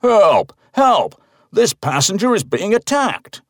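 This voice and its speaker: A man playing a husky, panicked old passenger. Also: high voice, very animated, takes it slowly, no echo, clean studio sound, pitched above the performer's own voice, heavily acted. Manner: shouting for help in alarm. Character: aged male airline passenger, panicked and gruff.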